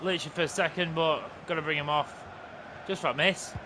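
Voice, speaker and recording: A young man commentating his own football video game, excitable and openly venting at the play. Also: fairly high pitch, fast, noisy background. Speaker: gaming channel host. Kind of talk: live gameplay commentary. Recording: game music playing underneath.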